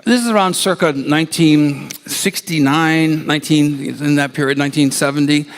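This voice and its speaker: A man's voice: fairly high pitch, moderate pace. A man from Ohio gives a talk to a large live audience, telling stories with chuckles and hesitations. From USA (Ohio). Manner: chuckling, rambling storyteller with hesitations. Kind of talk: anecdotal lecture to a live audience. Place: large lecture hall with hundreds of people. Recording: noisy live talk recording.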